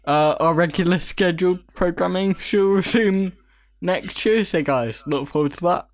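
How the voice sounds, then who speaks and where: A man's voice: sits high, normal speed. A man hosting his own podcast, chatting casually and teasing his partner with frequent laughs. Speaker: podcast host. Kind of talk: casual chat.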